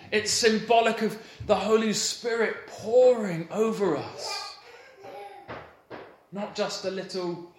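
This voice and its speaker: A man in his thirties, a pastor, giving a sermon in a church hall with a warm, playful storytelling manner and light laughter. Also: high-pitched, noisy background. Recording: roomy hall echo, faint ambience.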